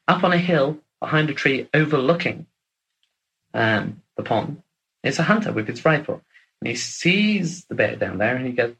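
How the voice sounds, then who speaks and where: Husky-voiced man telling a joke. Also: mid-range voice, expressive, moderate pace, a bit bright, low-quality recording. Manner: chatty storyteller, building up a long joke. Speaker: host.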